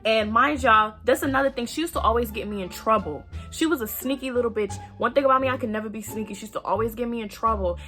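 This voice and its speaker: A young woman casually telling a story to her viewers, animated and profane, talking to them directly and acting out the voices of people in it. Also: on the high side, quick pace, hardly any pauses, faint music behind. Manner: acts out quoted voices. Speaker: storytime vlogger.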